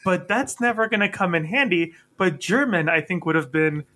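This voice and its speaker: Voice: medium pitch, lively intonation, moderate pace, bright, forceful tone. A playful speaker in casual chat who laughs easily and tries out foreign phrases with exaggerated delivery.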